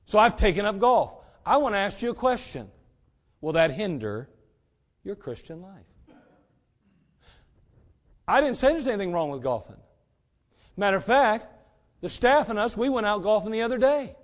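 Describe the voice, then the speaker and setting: A middle-aged man preaches a sermon with a high voice. He talks in a folksy, easygoing way, dropping joking asides. He keeps hammering home the same rhetorical questions. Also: animated, normal speed, long pauses. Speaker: pastor.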